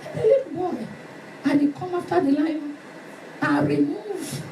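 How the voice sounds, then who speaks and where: A woman preacher delivering a fervent sermon, shouting and acting out stories. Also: very high voice, measured pace, a little hiss or hum. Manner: fervent, shouting, dramatic retelling. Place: church hall. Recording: echoey hall from far off with music.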